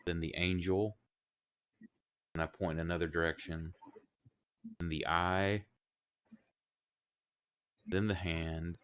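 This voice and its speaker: A man's voice: sits low, fairly bright tone, smooth. A man playing in a tabletop game, thinking aloud as he works through a puzzle. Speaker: player. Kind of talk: casual tabletop play.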